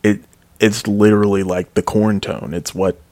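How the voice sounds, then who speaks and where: A man with a deep, low voice talks through a music review in a loose, rambling way, full of fillers and self-corrections. He sounds enthusiastic about the music. The sound is dry and close, with no room echo. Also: flat delivery, normal speed, a little mellow. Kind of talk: casual album review.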